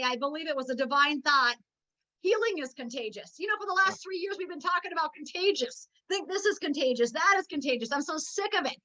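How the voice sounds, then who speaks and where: A woman's voice: high-pitched, pushed and bright, poor audio. A middle-aged woman giving an emotional, preachy motivational talk at a network marketing meeting. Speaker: network marketing team leader.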